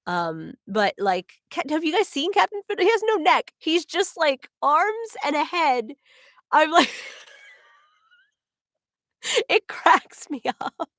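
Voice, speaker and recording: A woman's voice: high voice, sing-song, takes it slowly, long pauses, fairly bright tone, no room sound, clean studio sound. A young adult woman, a voice actor, chatting casually on a livestream, answering fan questions with many ums and giggles.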